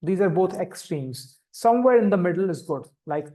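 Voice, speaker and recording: A man with an Indian English accent leads a meditation class, explaining each step calmly and simply. His voice sits fairly high for a man. It comes through a video call. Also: moderate pace. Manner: calm, step-by-step instructing, demonstrating vocal sounds. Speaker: meditation teacher. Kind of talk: live online meditation instruction.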